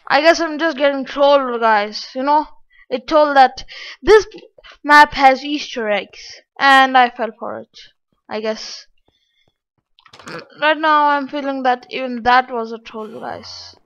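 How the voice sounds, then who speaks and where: A woman's voice: high voice, slow, fairly bright tone. A woman giving casual game commentary, complaining aloud to her viewers in an exasperated way. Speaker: gaming channel host. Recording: dull lo-fi.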